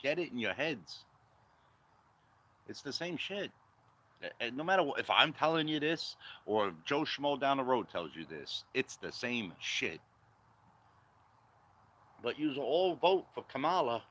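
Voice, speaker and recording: Man vlogger, bright and forceful, ranting commentary, mid-range pitch. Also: very animated, unhurried, long pauses, poor audio. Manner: blunt, confrontational, repetitive rhetorical questions.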